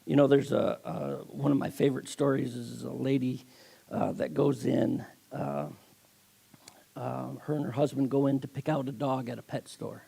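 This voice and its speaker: A man's voice: mid-range voice, flat delivery, moderate pace, gravelly, mellow, husky. A man preaching a sermon as a guest speaker, telling stories with acted voices and emphatic delivery.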